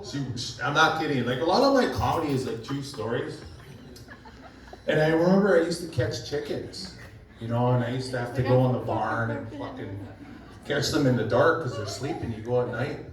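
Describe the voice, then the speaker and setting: A man's voice: mid-range voice, expressive, normal speed, a crowd in the background. A man doing a crude, rambling stand-up set, often laughing at his own jokes. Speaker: stand-up comedian. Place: comedy club stage. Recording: echoey club from far off, audience noise.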